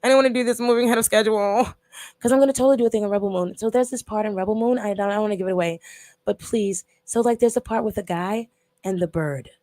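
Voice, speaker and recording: A woman hosting a casual livestream, talking excitedly to her viewers and swearing freely. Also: medium pitch, fast talker, no echo. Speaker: livestream host.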